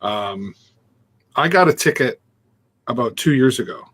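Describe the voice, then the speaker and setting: Man, co-host, casual chat, easygoing, teasing, medium pitch. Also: expressive, measured pace, fairly bright tone, husky. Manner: easygoing, teasing, chuckles a lot. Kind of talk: casual live-stream chat.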